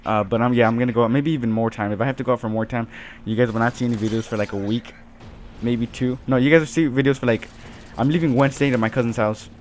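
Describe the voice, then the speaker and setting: A man's voice: mid-range voice, steady tone, quick pace, a little mellow, slight background noise. A teenage man telling a rambling story full of fillers over his gameplay, as host of his gaming channel. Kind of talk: casual gameplay commentary.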